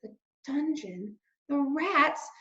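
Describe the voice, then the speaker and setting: A woman's voice: high voice, expressive, voice pushed up, exaggerated voice. Woman reading as an earnest little boy mouse. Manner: earnest, halting, soft replies. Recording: roomy, slightly dull recording.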